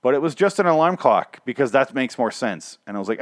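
A man's voice: mid-range voice, big pitch swings, brisk, dry recording, clean studio sound. A man hosting his own podcast, recapping a show in a rambling, profane, joking way, his voice strained and shaky from singing days before. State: strained, recovering voice. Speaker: podcast host. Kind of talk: casual solo show recap.

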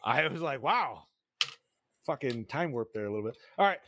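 A man co-hosting a casual podcast chat, animated and profane, saying "dude" a lot. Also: mid-range voice, normal speed, slight background noise. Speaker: podcast co-host.

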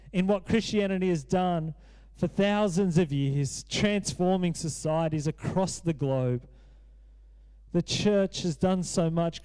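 A man's voice: sits high, dark tone, clean tone. A man in his thirties preaching a sermon as pastor, earnest and repeating phrases for emphasis.

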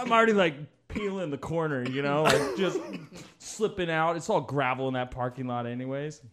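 A man's voice: mid-range voice, a little fast. A young man in casual podcast chat, telling a story with laughter and acting out other people's voices.

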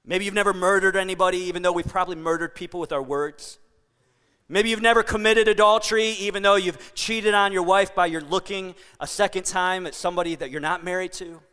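A man's voice: high-pitched, fairly even intonation, brisk, pushed and bright, clean tone, long reverb tail. A man preaching a sermon to a congregation, playful and joking with the crowd. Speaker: pastor. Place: church hall.

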